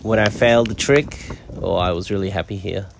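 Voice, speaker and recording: A man's voice: on the low side, steady tone, brisk, gravelly, noisy background. A man narrating his skateboarding footage in casual voice-over, with many fillers and restarts. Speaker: skateboarding vlogger.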